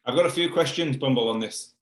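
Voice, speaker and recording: A man's voice: mid-range voice, quick pace. Laid-back man in an echoey room. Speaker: podcast co-host. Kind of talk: casual chat.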